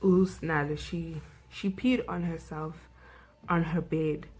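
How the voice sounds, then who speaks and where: South african girl vlogging, slow and husky, lots of "like" and "you know". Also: low voice, steady tone, a little mellow, rough recording. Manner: chatty retelling, full of "like" and "you know". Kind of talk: casual film recap.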